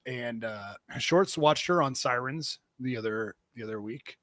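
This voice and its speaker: A man's voice: medium pitch, a little slow, fairly bright tone, dry recording. A man hosting a comedy podcast, rambling through casual banter with plenty of fillers and restarts. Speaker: podcast host.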